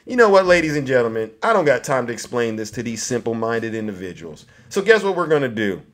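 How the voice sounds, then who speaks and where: A man's voice: medium pitch, big pitch swings, fast talker, fairly bright tone. A man hosting a political commentary vlog, mocking his targets and talking straight to his audience. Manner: mocking, addresses audience directly. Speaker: host.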